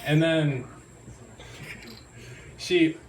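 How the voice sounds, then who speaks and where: Young male comic, high-ish voice, nervous giggles, frequent apologies; live room sound, distant mic, audible crowd. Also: fairly even intonation, extremely slow. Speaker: stand-up comedian. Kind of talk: stand-up set. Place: live comedy venue, audience in room. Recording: roomy live recording from a distance, crowd noise.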